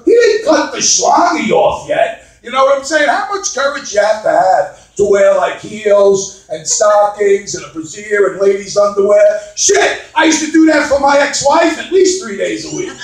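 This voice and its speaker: A man over fifty doing a stand-up comedy set in a club, brash and crude, shouting his punchlines. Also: high voice, distant mic. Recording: echoey club recorded from afar.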